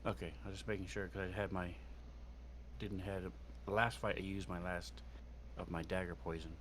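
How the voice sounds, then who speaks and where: A man's voice: low voice, level tone, fairly quick, fairly bright tone, slight background noise. A man playing a tabletop game, rambling and a little unsure of the rules. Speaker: player. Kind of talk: casual chat at a game table.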